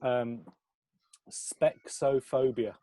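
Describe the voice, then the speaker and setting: A man's voice: mid-range voice, fairly even intonation, extremely slow, warm tone, no room sound. A man hosting a casual chat, talking about his fears in a chatty, self-mocking way. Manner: chatty, keeps asking "right?". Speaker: host. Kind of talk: casual pub-style chat.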